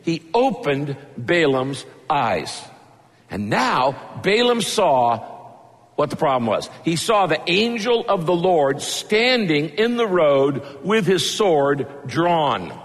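A man preaching a sermon in a big reverberant hall. He retells the story with energy, voicing each character's lines. His voice sits a bit high. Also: very animated, slow. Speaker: pastor.

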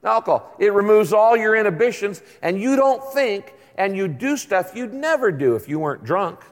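Older male pastor, fairly high voice, chatty emphatic preaching, long hall reverb. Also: sing-song, normal speed. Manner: conversational preaching with emphatic asides. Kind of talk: sermon.

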